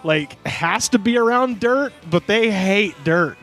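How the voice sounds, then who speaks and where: A man's voice: high voice, lively intonation, takes it slowly, fairly bright tone, faint music behind. A man co-hosting a comedy podcast, reading comments aloud in mocking voices and laughing often. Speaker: podcast co-host. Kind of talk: casual comedic chat.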